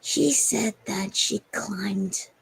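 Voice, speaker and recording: A woman's voice: mid-range voice, extremely slow, vocal fry, a bit bright, breathy edge. A young woman telling a story on a livestream in a rambling, hesitant way with many fillers. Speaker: streamer.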